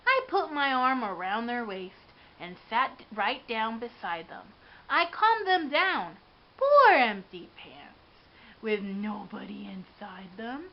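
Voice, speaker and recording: A woman giving an expressive, dramatic read-aloud of a children's storybook. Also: fairly high pitch, slow pace. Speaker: storybook reader. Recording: dull lo-fi with faint hiss.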